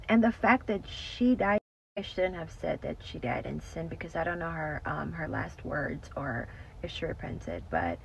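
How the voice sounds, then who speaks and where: A woman's voice: deep voice, big pitch swings, moderate pace, gravelly, breathy edge. A woman giving an emotional faith testimony in casual talk. She speaks earnestly, repeats herself, often addresses listeners as y'all, and drops to a whisper at emotional moments. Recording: slightly dull lo-fi audio with faint noise.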